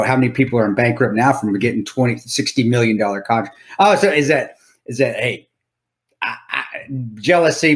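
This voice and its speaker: Rambling, blunt male podcast co-host. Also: medium pitch. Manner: rambling, stumbles and restarts, blunt opinions. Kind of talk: casual chat.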